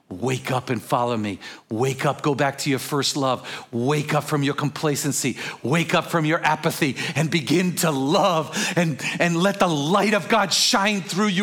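A man delivering a passionate sermon as pastor, his voice sitting a little on the high side. He drops to soft, intimate tones and then bursts into shouted exclamations. Between the peaks he slips into relaxed, conversational storytelling. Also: moderate pace. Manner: passionate preaching, swings from hushed to shouted exclamations.

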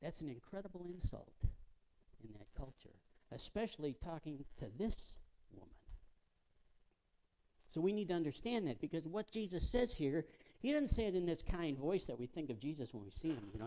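Animated, mellow-voiced male preacher. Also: fairly high pitch, normal speed. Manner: animated storytelling, asks the audience questions, drops to a hush for emphasis. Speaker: guest preacher. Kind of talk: sermon.

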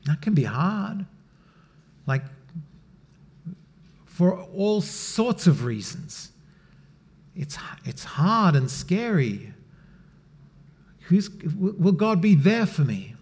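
Aussie pastor guy, middle-aged, chatty sermon, gets loud then goes real quiet. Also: sits high, big pitch swings, extremely slow, long pauses, breathy edge. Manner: conversational, swings from loud emphasis to near-whisper.

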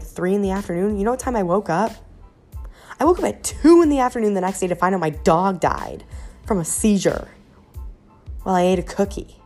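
Young woman podcaster rambling and swearing, low gravelly voice, faint music under it. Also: warm tone. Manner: profane, rambling, self-mocking. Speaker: podcast host. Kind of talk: casual storytelling monologue.

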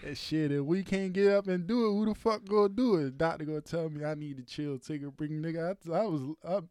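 Laid-back podcast guy, high smooth voice, laughs a lot, dry close mic. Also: a little fast, warm tone, no echo. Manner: laid-back, laughs often, drawls words out. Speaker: podcast co-host. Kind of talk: casual chat.

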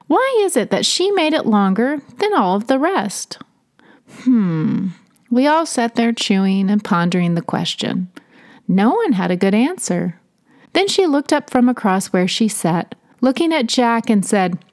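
A woman's voice: fairly high pitch, big pitch swings, unhurried, a little mellow. A woman from Tennessee, telling personal stories in a chatty way and laughing between them. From Tennessee, USA. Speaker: storyteller. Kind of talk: personal storytelling narration.

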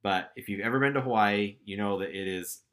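A young man speaks in a casual storytelling way, candid and self-deprecating, and his voice turns animated as he goes. His tone is bright and forceful, sitting a little low in pitch. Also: brisk. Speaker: storyteller recounting his career.

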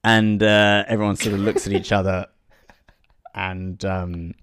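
A man's voice: flat delivery, measured pace, fairly bright tone, slight background noise. Rambling man telling an improvised comic story. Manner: rambling, many restarts, bursts into squeaky voices.

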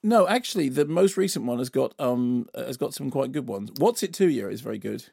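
A man co-hosting a radio show, bantering in a teasing, playful way and quick to laugh. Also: medium pitch, animated, gravelly, warm tone, breathy edge, dry recording, clean studio sound. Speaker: radio co-host.

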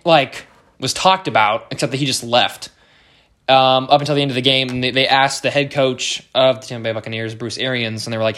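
A man's voice: mid-range voice, fast, a bit bright. A young American man hosting a solo podcast, talking casually in a rambling way with lots of fillers, restarts and swearing. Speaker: podcast host.

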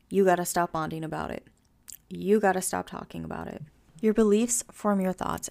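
A woman's voice: lowish voice, gravelly. A woman hosting a solo podcast, talking directly and motivationally and acting out the complaints clients bring her. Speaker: podcast host and coach.

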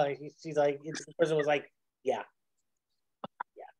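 A man's voice: on the high side, moderate pace, darkish tone, a little hiss or hum. Rambling male podcast host. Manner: rambling storyteller, trips over his words. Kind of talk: casual podcast banter.

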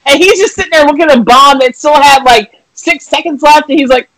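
A woman talking casually about a movie, swearing freely and acting out scenes in loud outbursts. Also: high-pitched, brisk, hardly any pauses, no echo, low-quality recording. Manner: animated, swears freely, acts out scenes loudly.

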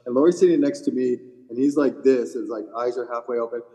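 A man's voice: medium pitch, steady tone, quick pace, dark tone, long reverb tail, rough recording. A man who works as a tour caddie, co-hosting a golf podcast and telling long rambling anecdotes in casual chat. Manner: rambling anecdotes with laughs and profanity.

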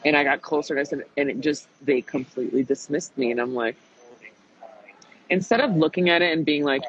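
A man's voice: on the high side, fairly quick. A man casually retelling a frustrating reality show experience, profane and emphatic, quoting people as he goes. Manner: profane, emphatic, animated retelling with quoted voices. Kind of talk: casual storytelling chat. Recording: dull lo-fi sound.

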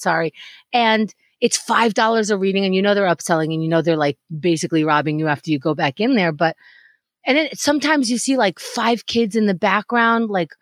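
A woman from New York chatting on a podcast as co-host, lively and acting out little scenes. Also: medium pitch, no echo. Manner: lively, chatty, acts out phone calls. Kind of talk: casual chat.

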